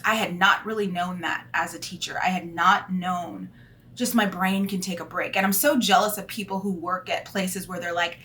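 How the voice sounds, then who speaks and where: A woman in her thirties, a teacher, talking candidly in a casual vlog with plenty of fillers. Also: medium pitch. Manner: candid and animated, lots of fillers.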